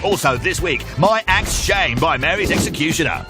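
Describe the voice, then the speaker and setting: A chirpy man announcer selling a magazine in a sing-song advert delivery. His voice is high and lively, with loud music under it. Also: moderate pace.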